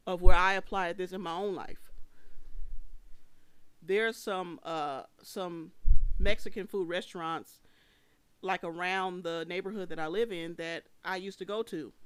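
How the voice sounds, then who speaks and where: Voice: mid-range voice, a bit bright, smooth, no room sound. A vlogger giving casual opinion commentary to camera in an emphatic, opinionated way that often repeats phrases for weight.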